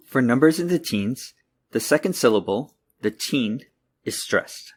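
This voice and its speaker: Man, teacher, scripted lesson, clear and deliberate, mid pitch. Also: expressive. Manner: clear, deliberate, slows down to model words. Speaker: English teacher.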